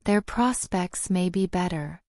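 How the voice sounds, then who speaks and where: A stiff, sardonic wizard ambassador with an Australian accent, as a woman reads him, clipped and dry in his replies. The voice is warm and mellow and recorded close and dry, with no room around it. This is a storybook reading. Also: on the low side, unhurried, no room sound. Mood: formal. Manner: curt and dry.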